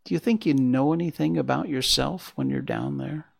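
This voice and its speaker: A man's voice: mid-range voice, normal speed, creaky. A man voicing an anxious, gloomy male oak leaf in a storybook reading, sighing and at times whispering. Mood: worried. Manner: sighing, worried, sometimes whispering.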